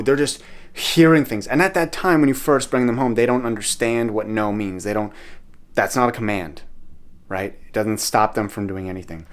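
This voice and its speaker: A man chatting to camera in a room at home, giving upbeat, earnest advice as a dog owner. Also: on the low side. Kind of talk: casual vlog talk to camera.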